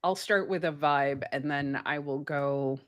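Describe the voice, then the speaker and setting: Woman, deep-pitched, casual podcast chat, laughs a lot, swears. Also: measured pace. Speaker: podcast co-host.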